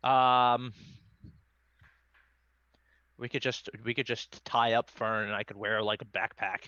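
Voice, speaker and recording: Male player, bright, rambling and self-deprecating, dry and somewhat dull recording. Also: mid-range voice, fairly even intonation, takes it slowly, clean tone, dry recording. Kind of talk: casual tabletop role-play.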